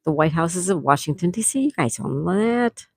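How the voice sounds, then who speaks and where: A woman's voice: fairly low pitch, expressive, creaky, husky, dry recording. A woman hosting a casual trivia livestream, reading out viewers' answers from the chat and stretching out each question. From near Fort Lauderdale, Florida. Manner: chatty, reads out chat names and answers, drawn-out questions. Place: indoors at home during a thunderstorm.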